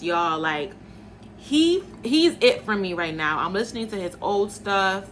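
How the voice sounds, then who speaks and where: A woman's voice: mid-range voice, big pitch swings, moderate pace, fairly bright tone, a little hiss or hum. A young woman journalist hosting her own show, chatting to viewers in a casual, opinionated way and calling them y'all. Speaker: host and journalist.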